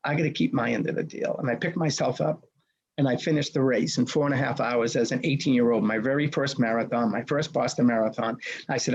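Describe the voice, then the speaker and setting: A man in his sixties, a race director, telling a personal story in a punchy, animated way, acting out the dialogue. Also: mid-range voice, slightly rough, dull audio. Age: 60s.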